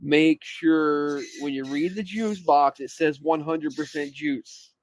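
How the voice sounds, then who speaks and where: A man's voice: a little high, slow, no room sound. Dry matter-of-fact man, close mic. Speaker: podcast co-host. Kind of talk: casual chat.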